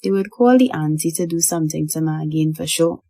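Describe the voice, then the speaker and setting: A woman reading a horror story aloud as a child narrator, slow and hushed. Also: deep voice, gravelly, no room sound.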